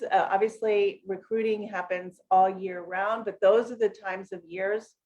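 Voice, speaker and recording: A woman's voice: medium pitch, a little mellow. A middle-aged woman from the United States hosts a livestream in a loose, chatty way, trailing off into fillers and starting sentences over. She breaks off to greet her viewers by name with a lift in her voice, then settles back into her coaching talk. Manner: chatty and rambling, many fillers and self-corrections. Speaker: network marketing coach hosting a live session.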